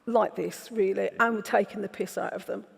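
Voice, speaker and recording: Brummie woman chatting candidly on a festival stage, bit gravelly, echoey hall. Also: medium pitch, steady tone, fairly quick. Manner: candid, storytelling, wry. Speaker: author guest. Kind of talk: festival onstage conversation.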